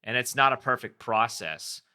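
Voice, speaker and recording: A man's voice: mid-range voice, expressive, moderate pace, pushed and bright. A man hosting his own podcast, talking candidly and rambling a little, correcting himself as he goes. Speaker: podcast host. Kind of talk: reflective solo podcast talk.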